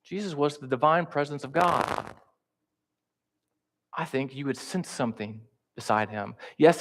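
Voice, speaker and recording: A man preaching in a church, talking conversationally and with humor, acting out the quotes he tells. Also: medium pitch. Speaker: pastor teaching a class. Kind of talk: sermon.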